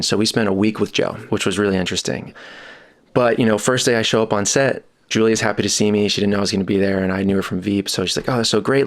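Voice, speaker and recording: A man, a sound mixer on a podcast, telling a casual anecdote with lively energy and quick jumps into higher voices when quoting people. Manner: animated, jumps into higher-pitched voices for quotes. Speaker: boom operator and sound mixer guest.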